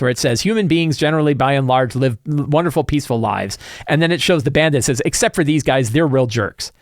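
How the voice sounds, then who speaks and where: Animated man giving RPG commentary. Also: on the high side, no room sound, studio quality. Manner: animated, opinionated, restarts often. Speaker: show host.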